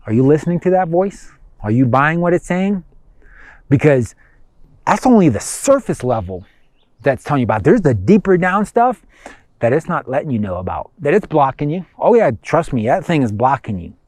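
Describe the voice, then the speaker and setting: A man's voice: on the high side, dry recording. A man giving a conversational motivational self-help talk, emphatic and repetitive. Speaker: motivational speaker.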